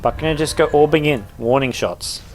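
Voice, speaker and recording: Excitable young English man calling a game. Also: brisk. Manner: excitable, jokey play-by-play with sudden rises in pitch. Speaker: game commentator. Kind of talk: live esports commentary.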